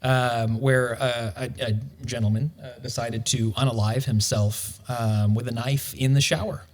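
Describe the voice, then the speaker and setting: Wry realtor telling stories. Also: male voice, mid-range voice, fairly even intonation, measured pace. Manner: wry, storytelling, dry humor. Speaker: realtor guest. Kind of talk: casual podcast chat.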